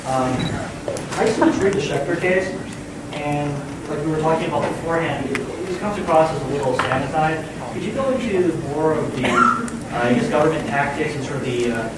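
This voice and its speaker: A man's voice: on the high side, normal speed. Hesitant man moderating in very echoey hall. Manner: hesitant, many fillers. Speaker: event moderator. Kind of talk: introducing audience Q and A. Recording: very echoey, distant, loud noise.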